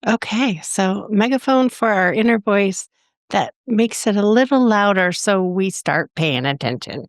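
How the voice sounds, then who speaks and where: A woman's voice: medium pitch, animated, measured pace, no room sound, clean studio sound. Affirming woman podcast host. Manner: enthusiastic, affirming. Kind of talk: interview hosting.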